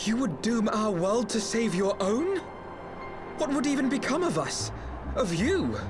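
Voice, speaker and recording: High-voiced young game scholar, formal, lively, with music. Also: male voice, unhurried. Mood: indignant. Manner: indignant, formal speech.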